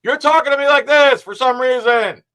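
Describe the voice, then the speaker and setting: Man doing a shouty all-caps guy: high, loud, over the top. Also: moderate pace. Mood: yelling. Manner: exaggerated mock shouting. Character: man yelling every word like caps lock.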